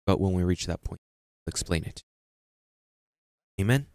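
A man preaching a sermon, repeating phrases for emphasis and reading scripture slowly. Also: deep voice, darkish tone, no room sound. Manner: reads scripture slowly and deliberately. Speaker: pastor.

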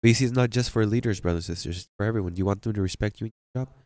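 A man's voice: fairly low pitch, very fast, a little mellow, no room sound. A man preaching a sermon as pastor, emphatic and questioning his congregation.

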